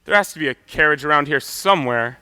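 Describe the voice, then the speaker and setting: An exasperated proper gentleman, played by a teenage boy, reacts with huffy incredulity. The voice is high, swooping and bright. The lines are performed on a school stage and sound dry and close. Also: animated, fast, clear, resonant tone, no room sound. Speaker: student stage actor. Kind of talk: live school stage play.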